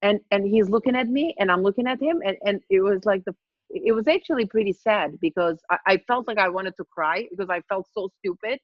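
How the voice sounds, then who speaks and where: A middle-aged woman, a podcast guest telling a personal story in a lively, laughing way, often repeating and restarting her words. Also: mid-range voice, fairly quick, no echo, highs cut off. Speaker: master trainer, podcast guest. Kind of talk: casual storytelling chat.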